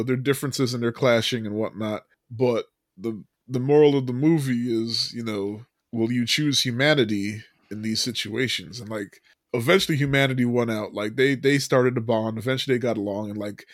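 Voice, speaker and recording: A man's voice: mid-range voice, dry recording, clean studio sound. A man hosting a podcast, telling a movie recap in a loose, casual way, full of fillers, with frequent laughs. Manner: loose storyteller, many fillers, laughs often. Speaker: podcast host.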